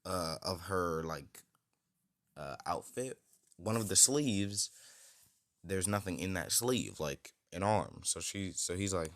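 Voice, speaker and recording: Deep-voiced young man rambling a fan story. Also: measured pace, a bit bright, no echo. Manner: rambling, hesitant, full of fillers. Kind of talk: improvised fan-story narration.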